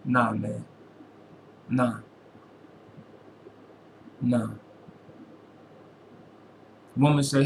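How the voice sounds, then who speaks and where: A man's voice: mid-range voice, takes it slowly, long pauses, slight background noise, low-quality recording. Preachy man vlogging to his followers. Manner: preachy, quotes scripture, repeats lines for emphasis; informal slangy speech. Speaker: religious vlogger. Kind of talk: impassioned personal monologue to followers.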